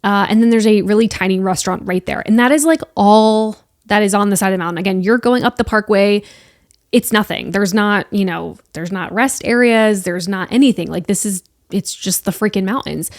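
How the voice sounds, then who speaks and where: A woman's voice: medium pitch, normal speed, no room sound, clean studio sound. A young adult woman hosting a podcast, casually and animatedly telling a story with lots of filler words. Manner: animated, breathless retelling with frequent "like" fillers. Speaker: podcast host.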